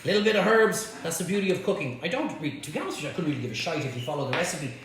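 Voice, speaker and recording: Male cook-along host, cheeky and blunt, a little high, recorded in a ringing kitchen. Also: rapid-fire, a crowd in the background. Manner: chatty, blunt, banters with viewers. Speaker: cooking show host. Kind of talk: live cook-along demonstration. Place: home kitchen. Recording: echoey kitchen, faint hum.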